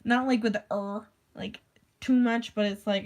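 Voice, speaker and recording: A woman's voice: mid-range voice, fairly even intonation, moderate pace. A young woman ranting casually in a vlog, rambling with constant "like" fillers and casual swearing. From United States. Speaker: vlogger. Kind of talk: casual rant.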